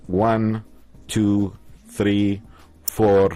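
A man hosting a casual radio show, chatting and running a listener quiz in a relaxed way. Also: lowish voice, extremely slow. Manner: relaxed, chatty, counts down aloud.

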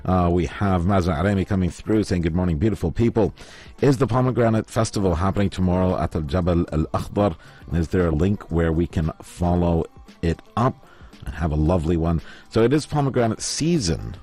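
Hosting a live morning radio show, a man with a low, dark, brisk voice and a slight lisp chats casually and reads listener messages. Faint music plays behind him on the studio microphone.

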